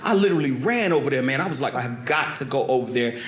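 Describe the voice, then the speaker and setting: A man doing a stand-up comedy routine, telling stories animatedly, swinging from loud yelps to low mutters. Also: lively intonation, quick pace, slight background noise. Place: comedy club stage. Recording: roomy live stage sound with crowd. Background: laughing audience.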